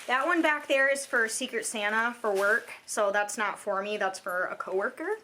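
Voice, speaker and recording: A woman's voice: fairly high pitch, normal speed, sharp tone. A woman vlogging casually at home while opening presents, gushing and chatty with lots of "like" and "oh my God". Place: at home on Christmas morning. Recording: clear background noise and crinkling wrapping paper.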